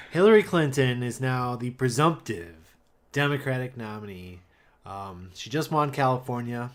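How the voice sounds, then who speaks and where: A man co-hosting a casual political podcast, dry and sarcastic in a relaxed way. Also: mid-range voice, unhurried. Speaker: podcast co-host.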